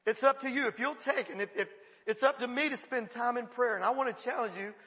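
A man preaching a sermon, telling a funny story in an animated way and often laughing mid-sentence. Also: very high-pitched, quick pace, in a large hall. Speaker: pastor.

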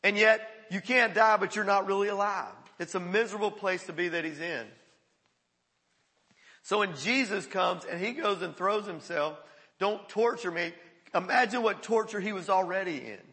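A male pastor telling stories in a sermon, animated and often chuckling. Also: high-pitched, moderate pace. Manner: animated storytelling with frequent chuckles. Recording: echoey hall.

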